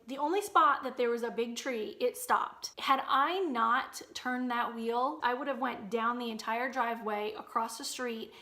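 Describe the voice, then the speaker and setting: A woman in her thirties telling a personal story on her vlog, animated, and acting out quotes in loud high bursts. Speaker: vlogger.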